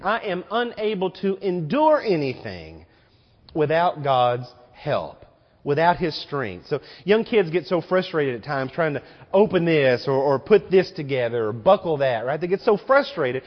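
Animated preaching man in a reverberant church. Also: high voice. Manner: animated preaching with rhetorical questions. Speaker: pastor. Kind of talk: sermon. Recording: muffled recording with long hall reverb.

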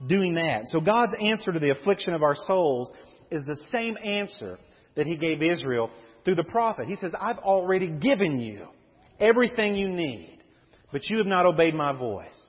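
A man's voice: a little high, very animated, moderate pace, slightly rough. A man preaching a sermon as a pastor, reading scripture aloud and explaining it to the congregation. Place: church sanctuary. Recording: dull recording in a reverberant hall.

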